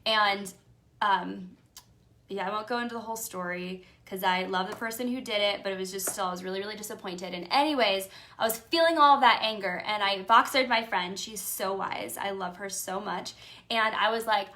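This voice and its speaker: A woman's voice: mid-range voice, brisk, bright, forceful tone. A woman life coach giving a casual, emphatic motivational talk, chatty and full of fillers.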